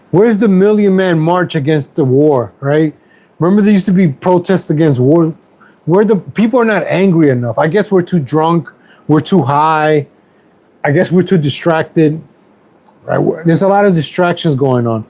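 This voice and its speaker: A man's voice: fairly high pitch, dark tone, low-quality recording. Rambling angry man streaming at home. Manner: rambling, angry, repeats himself. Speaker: YouTube streamer. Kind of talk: casual political rant stream.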